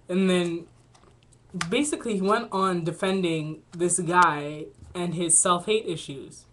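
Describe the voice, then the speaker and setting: A woman's voice: lowish voice, measured pace, fairly bright tone, slight background noise. A young adult woman in a casual vlog monologue, talking earnestly and thinking aloud with lots of "like" fillers. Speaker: vlogger.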